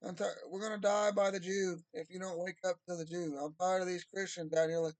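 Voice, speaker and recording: A young man delivering a heated, rambling monologue, agitated and at times bursting into shouts. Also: high-pitched, level tone, brisk, few pauses, no echo, rough recording.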